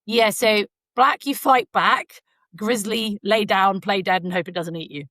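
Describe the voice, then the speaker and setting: A woman's voice: medium pitch, steady tone, a little slow, a bit bright, no echo. Woman, casual podcast chat, rambling with fillers, dry close-miked sound. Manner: chatty storyteller, frequent fillers. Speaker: podcast co-host. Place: Canada.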